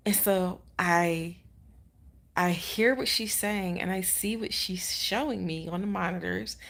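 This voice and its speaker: A woman in her thirties, casually telling a personal story on a vlog, full of "like" fillers and quoting others as she goes. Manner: chatty, many "like" fillers, acts out the nurse in quotes. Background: baby sleeping nearby, she lowers her voice.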